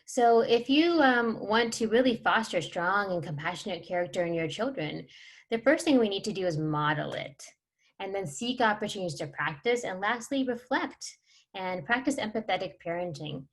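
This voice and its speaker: A woman's voice: mid-range voice, lively intonation, normal speed. A woman presenting a parenting workshop in a chatty way, full of fillers and small laughs, acting out everyday scenes.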